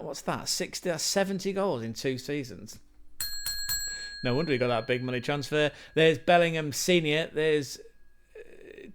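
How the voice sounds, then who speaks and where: A man's voice: fairly high pitch, normal speed. A man hosting a football channel, talking through stats in a chatty, rambling way with asides to viewers. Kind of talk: casual football stats commentary.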